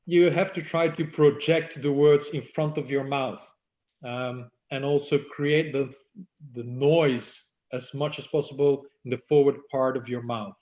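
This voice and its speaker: A man's voice: medium pitch, fairly even intonation, a little slow, darkish tone. Man teaching umpires voice use, echoey. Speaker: badminton umpire instructor. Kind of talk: online workshop talk. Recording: echoey, dull lo-fi audio.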